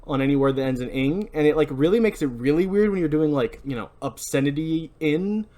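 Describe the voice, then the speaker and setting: A podcast host with a slightly high, mellow and animated voice talks a little fast. He chats casually and rambles on about a movie, cutting himself off with laughter as he goes.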